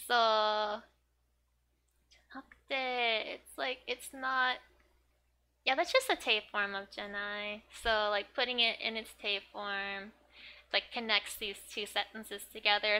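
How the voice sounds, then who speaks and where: A woman teaching Japanese from a manga in a casual, chatty way, giggling often and filling her talk with "like" and "um". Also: slow pace. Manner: reads manga lines in high excited character voices. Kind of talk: casual manga reading lesson.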